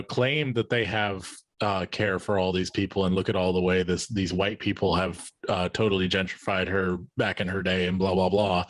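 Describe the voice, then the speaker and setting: A man's voice: lowish voice, no echo. A man hosting a podcast in casual chat, rambling with frequent restarts and fillers. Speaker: podcast host.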